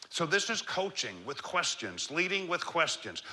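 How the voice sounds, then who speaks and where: A man giving a motivational leadership talk to a live audience, swinging between loud emphatic lines and a low, slow, calm voice. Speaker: leadership speaker.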